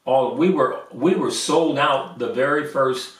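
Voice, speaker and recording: A man who is a guest on a podcast, telling a story in a lively way and acting out the voices of the people in it. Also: mid-range voice, measured pace. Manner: animated storyteller who acts out quoted dialogue. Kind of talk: storytelling in a conversational interview. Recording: roomy sound with mic at a distance.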